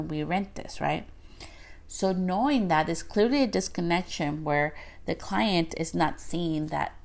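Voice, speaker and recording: Gravelly low-voiced woman podcast host. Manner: chatty, filler-heavy, acts out quotes. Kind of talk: casual solo podcast talk.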